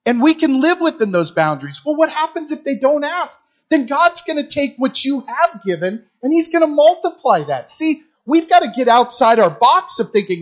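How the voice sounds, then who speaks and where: A man's voice: very high voice, sing-song, moderate pace, few pauses, muffled recording. A middle-aged man preaching a sermon in a conversational, storytelling way, repeating phrases for emphasis. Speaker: guest preacher for a youth ministry.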